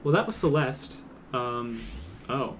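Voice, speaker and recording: A man's voice: medium pitch, expressive, slow, a bit bright, a little hiss or hum. A goofy young man streaming gameplay commentary, sarcastic, swearing and laughing often. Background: game music.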